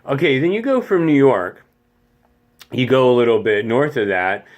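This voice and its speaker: A man's voice: mid-range voice, big pitch swings, moderate pace. A man talking casually in a goofy, rambling way, showing off his silly voices. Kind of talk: casual comedic monologue.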